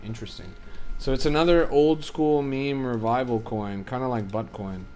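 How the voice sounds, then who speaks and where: A man's voice: mid-range voice, steady tone, moderate pace, darkish tone, slight background noise. A man streaming as a crypto trader, giving casual, offhand livestream commentary that is often profane as he reads and answers his chat.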